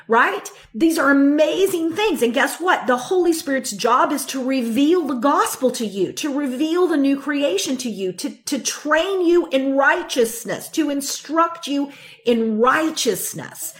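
A woman with a fairly high voice delivers a podcast sermon. She stacks emphatic repeated phrases and stops to read scripture aloud. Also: expressive, measured pace. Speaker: Bible teacher.

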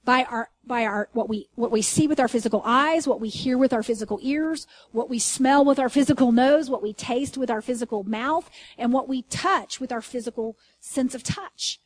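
A woman teaching a sermon in an earnest, conversational way, asking her listeners questions and reading scripture slowly with emphasis. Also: a little high, no echo. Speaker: Bible teacher.

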